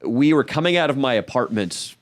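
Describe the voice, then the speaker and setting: A man co-hosting a podcast, crude and animated as he tells a story in casual chat. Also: mid-range voice, fairly quick. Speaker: podcast co-host.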